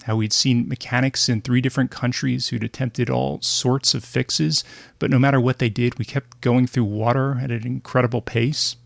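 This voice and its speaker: A man's voice: medium pitch, steady tone, moderate pace, vocal fry, dry recording. A man narrating his travel podcast in a scripted, wry storytelling manner with dry humor.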